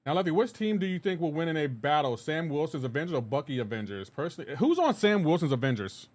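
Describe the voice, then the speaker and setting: A man's fast, very animated voice, on the high side and a little mellow, carries his casual gaming livestream. Relaxed, he voices viewers' chat messages and replies between moves, rambling with many restarts and asides about the game.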